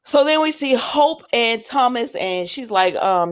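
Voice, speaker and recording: A woman's voice: on the high side, lively intonation, a little slow. A woman hosting a casual soap opera recap, chatty and full of fillers and asides as she retells the scenes.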